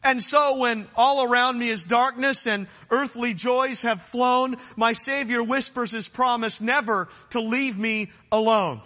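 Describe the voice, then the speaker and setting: A man's voice: very high-pitched, fairly even intonation, unhurried, few pauses, sharp tone, in a large hall. A man preaching a sermon, earnest and emphatic, repeating phrases for effect.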